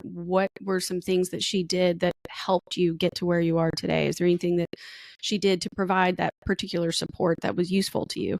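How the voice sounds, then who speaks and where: A woman hosts a podcast interview in a supportive, affirming way. Her voice sits somewhat low and stays very even in pitch. The sound is dry and close. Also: fairly quick, vocal fry, dry recording. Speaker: podcast host. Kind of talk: casual interview chat.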